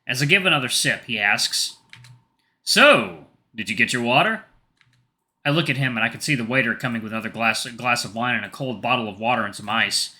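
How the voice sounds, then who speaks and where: A man's voice: medium pitch, quick pace, few pauses, pushed and bright. A man narrating a visual novel in the first person, reading plainly with small slips and restarts.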